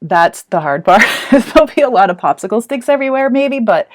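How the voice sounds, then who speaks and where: A woman's voice: on the high side, animated, a little fast, slight background noise. A woman teacher explaining a hands-on math activity to parents, chatty and encouraging as she thinks aloud.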